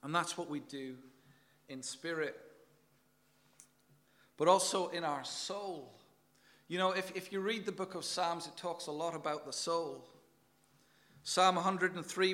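A man's voice: a little high, measured pace, long pauses, pushed and bright. A man preaching a sermon in an earnest, emphatic way, often repeating words as he goes.

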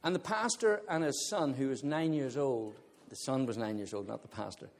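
A male preacher giving a sermon, telling a funny personal story in an animated way and often laughing as he talks to the congregation. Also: mid-range voice, moderate pace. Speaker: visiting preacher.

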